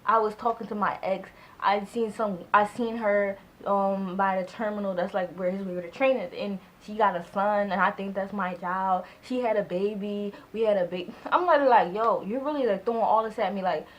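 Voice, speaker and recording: A young woman in her twenties tells a personal story to her viewers, loose and chatty. She acts out the back-and-forth of old conversations and leans on "like" between thoughts. Her voice sits at an ordinary middle pitch. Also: normal speed, few pauses, dull audio. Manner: animated, acts out both sides of conversations; heavy use of "like" as filler. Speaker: vlogger. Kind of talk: casual storytime.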